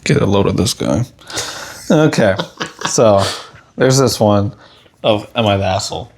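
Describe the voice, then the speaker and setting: A man's voice: on the low side, lively intonation, a little slow, creaky, a little mellow. A young man co-hosting a podcast, chatting casually in a laid-back, teasing way and laughing easily. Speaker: podcast co-host. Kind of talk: casual chat.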